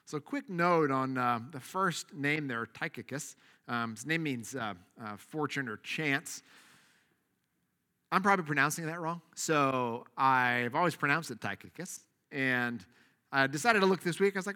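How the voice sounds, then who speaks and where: A man preaching a sermon, leading a soft prayer and then teaching in a casual, animated way with asides. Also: medium pitch, normal speed, big-room sound. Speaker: pastor.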